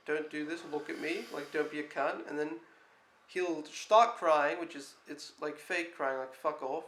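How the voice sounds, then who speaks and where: A man's voice: on the high side, a bit bright. A young man who is an au pair, giving a casual vlog recap in a blunt, exasperated way and swearing freely. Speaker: au pair vlogger. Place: indoor room in a home. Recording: roomy echo.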